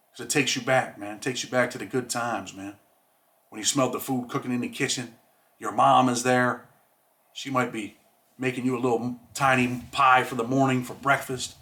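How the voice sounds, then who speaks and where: Streetwise man with a bright voice. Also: mid-range voice. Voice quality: streetwise slang, says "man" often. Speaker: host. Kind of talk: casual monologue.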